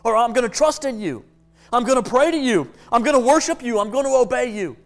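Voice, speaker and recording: A man's voice: very high-pitched, lively intonation, a little fast, soft background music, pitched above the performer's own voice. A man voicing a hospital patient with cancer, declaring faith in an emphatic, repeating way. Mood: fervent. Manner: fervent, emphatic, repeats phrases. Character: adult hospital patient with cancer, fervent and steadfast believer.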